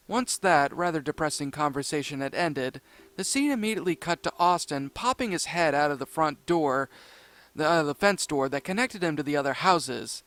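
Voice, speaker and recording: A man narrating a fan-written cartoon story, animated and prone to small slips and restarts. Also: a little high, moderate pace, dry recording.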